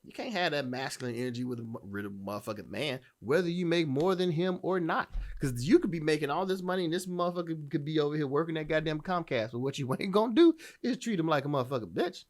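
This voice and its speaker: A man's voice: fairly high pitch, expressive, fast, few pauses. A male podcast host giving opinionated dating commentary in a blunt, profane, emphatic way, often restarting his sentences.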